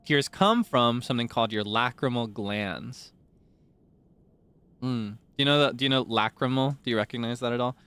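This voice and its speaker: A man's voice: medium pitch, moderate pace, fairly bright tone, smooth. A man streaming live, chatting playfully with his viewers, teasing them and sharing bits of trivia. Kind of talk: casual livestream chat with viewers.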